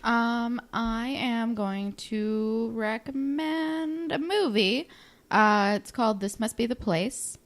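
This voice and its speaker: A young woman co-hosting a podcast, chatting quickly and casually. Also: fairly high pitch. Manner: quick, chatty, laughs easily. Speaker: podcast co-host. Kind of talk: casual chat.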